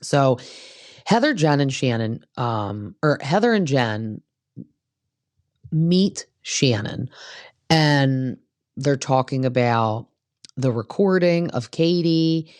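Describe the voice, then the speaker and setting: A woman's voice: extremely low pitch, expressive, takes it slowly, long pauses, darkish tone, no room sound. A woman hosting a casual gossip recap of reality TV, blunt and opinionated, who swears freely.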